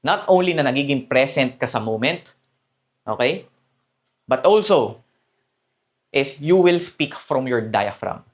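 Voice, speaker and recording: A man's voice: mid-range voice, expressive, unhurried, pauses often. A man with a Filipino accent coaching men on dating, switching between Tagalog and English and often checking in with "okay?". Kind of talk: coaching talk to camera.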